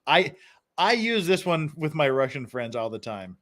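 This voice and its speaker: A man's voice: fairly high pitch, sing-song, moderate pace, fairly bright tone. A man hosting a casual live stream, reading phrases aloud and chuckling often.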